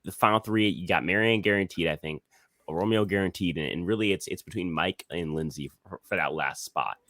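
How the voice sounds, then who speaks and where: A man's voice: low voice, fairly quick, fairly bright tone, dry recording, clean studio sound. A young man hosting a casual podcast, rambling with frequent restarts and repeated words. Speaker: podcast host.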